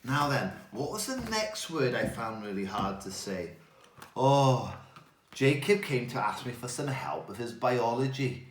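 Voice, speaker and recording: A man giving a playful, animated talk to children. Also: mid-range voice, unhurried, echoey room, a little hiss or hum. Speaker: children's speaker.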